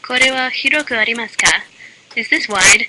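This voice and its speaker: A woman delivers a parody language lesson with a flat, deadpan read and dry asides. A loud, steady hiss runs under her voice the whole time. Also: fairly high pitch, fairly quick. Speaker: lesson narrator. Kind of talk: mock language lesson reading with joke asides. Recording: loud constant background hiss.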